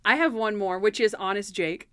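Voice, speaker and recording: A young woman with a smooth, clear voice chats about a TV episode, animatedly acting out the characters' lines as she retells them. Her voice sits at a middle pitch and the recording is close and dry, with no room sound. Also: normal speed, no room sound. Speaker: podcast co-host. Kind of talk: casual chat recapping a TV episode.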